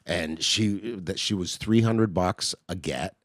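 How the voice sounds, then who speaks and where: A man's voice: sits low, slow, fairly bright tone, dry recording, studio quality. A man from Canada, a comedian telling crude, blunt stories as a guest. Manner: blunt, brash raconteur.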